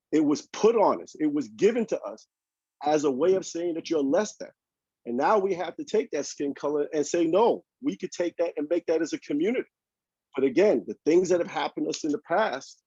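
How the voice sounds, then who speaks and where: A man's voice: fairly high pitch, a little mellow, slightly rough, dry recording, highs cut off. A man speaking as a panelist in a fervent panel talk, asking rhetorical questions, heard over a video call.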